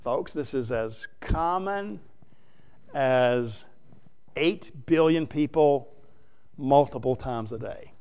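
A man preaching a sermon in an emphatic, folksy way, swinging between loud stresses and hushed asides. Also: medium pitch, lively intonation, takes it slowly, pauses often.

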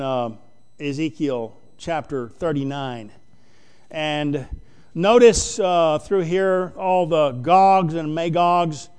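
Man, preacher, somewhat high voice, smooth resonant tone, reads scripture, pauses and fillers. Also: darkish tone. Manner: plain-spoken, reads scripture aloud, many pauses and fillers. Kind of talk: sermon, Bible exposition.

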